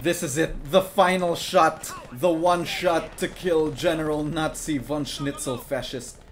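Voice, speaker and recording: A young man commentating his video game playthrough, joking and sarcastic and breaking into sudden shouts. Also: on the high side, fairly even intonation, unhurried. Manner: jokey, sarcastic, bursts into shouts. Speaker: gaming YouTuber. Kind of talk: gameplay commentary. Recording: clear music playing behind.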